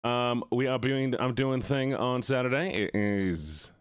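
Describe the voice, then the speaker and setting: A man's voice: medium pitch, a little slow, clean tone, no room sound, clean studio sound. A man streaming games who chats playfully and goofily with his viewers. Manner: playful, goofy, talks to chat. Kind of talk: casual live-stream chat.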